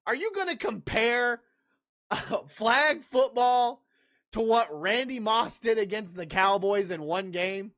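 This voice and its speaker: On a livestreamed sports podcast, a man speaks unhurriedly in a high, expressive, fairly bright voice. He's brash, rants back at his chat with dismissive outbursts, and jokes while laughing at his own lines.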